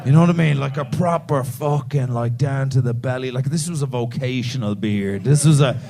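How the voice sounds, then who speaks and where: A man's voice: medium pitch, moderate pace, warm tone, faint music behind. A man performing stand-up comedy in a club, swearing freely and teasing a man in the audience. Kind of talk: stand-up comedy crowd work.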